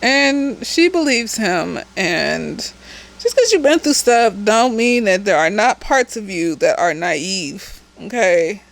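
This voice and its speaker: A woman's voice: medium pitch, very animated, slow, vocal fry, poor audio. Slightly tipsy woman, blunt chatty recap. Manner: profane, blunt, chatty with laughs and asides. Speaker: therapist reviewing a TV episode. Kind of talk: casual recap chat.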